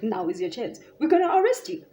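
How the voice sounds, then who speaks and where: A woman's voice: a little high, big pitch swings, fast talker, warm tone, a little hiss or hum, voice pushed up. A woman voicing a blunt police officer lecturing her in a retold story.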